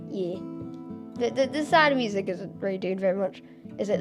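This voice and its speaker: A woman's voice: medium pitch, lively intonation, moderate pace, long pauses. An Australian woman streaming a Minecraft game at home, chatting casually, giggling often and thinking aloud. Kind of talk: casual live-stream commentary. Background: faint background music.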